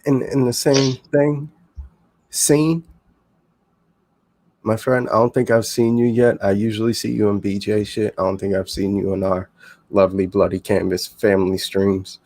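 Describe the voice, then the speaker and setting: Gravelly low-voiced man chatting about fights. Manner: animated, swearing, quick asides. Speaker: co-host. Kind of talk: casual podcast chat about fights.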